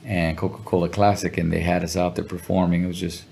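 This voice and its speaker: Gravelly low-voiced man telling stories. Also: level tone, fast, darkish tone, a little hiss or hum. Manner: laid-back slangy storyteller who acts out voices. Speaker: musician guest. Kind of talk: casual storytelling interview. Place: Los Angeles area.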